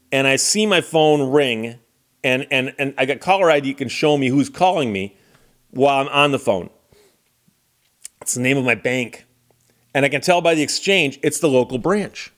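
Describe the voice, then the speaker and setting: A man's voice: medium pitch, lively intonation, normal speed, a bit bright. A middle-aged man who is a lawyer and channel host, telling a story in a casual monologue with a wry, exasperated manner.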